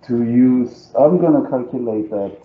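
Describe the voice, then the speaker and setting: At a measured pace and medium pitch, a man with a non-native English accent teaches calculus live, thinking aloud and prompting students to agree. The recording has a roomy, dull, lo-fi sound.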